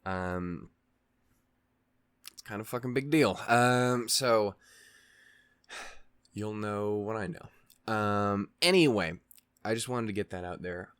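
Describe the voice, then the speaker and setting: A man's voice: fairly low pitch, expressive, slow pace, pauses often, fairly bright tone, smooth, dry recording. A man hosting a reaction channel, casually recapping a show in a rambling way, with lots of fillers, restarts and swearing.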